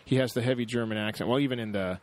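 Measured man thinking aloud. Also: medium pitch. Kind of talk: casual chat.

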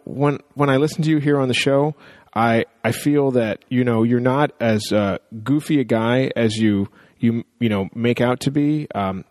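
A man's voice: mid-range voice, darkish tone, no room sound. Joking male podcast host. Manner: joking, with many fillers. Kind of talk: casual podcast chat.

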